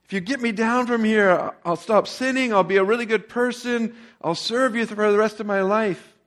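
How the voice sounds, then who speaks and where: A man's voice: sits high, normal speed, voice pushed up. A man doing a frantic guy stuck on a cliff. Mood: pleading. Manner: frantic yelling and pleading. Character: desperate man dangling over a canyon.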